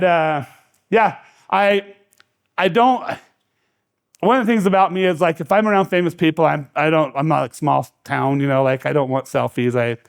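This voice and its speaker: A man giving a casual seminar talk as an economic development director, joking and storytelling with many restarts and fillers. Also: sits high. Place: lecture room.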